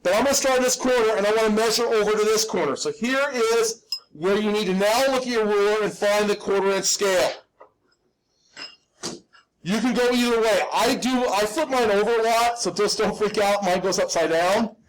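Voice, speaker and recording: A man's voice: high-pitched, moderate pace, a little hiss or hum, poor audio. A man teaching a live hand-drawing class step by step, patient and reassuring, checking in with his students. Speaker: drafting instructor.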